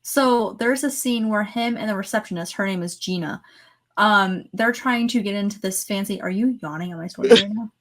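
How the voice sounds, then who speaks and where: A woman in easy, talkative podcast banter. She tells stories and laughs often. Her voice sits at an ordinary middle pitch. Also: moderate pace. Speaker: podcast co-host. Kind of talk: casual chat.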